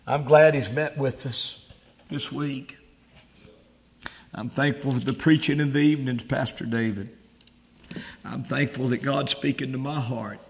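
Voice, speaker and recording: A man's voice: medium pitch, fairly even intonation, unhurried, pauses often. A man preaching a sermon at a camp meeting, earnest and pleading.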